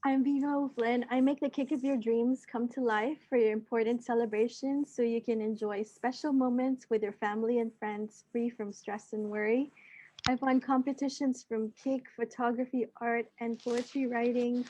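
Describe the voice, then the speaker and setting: A woman on a video call reading her short personal statement in a measured, even way. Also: fairly high pitch, rough recording. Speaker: workshop participant.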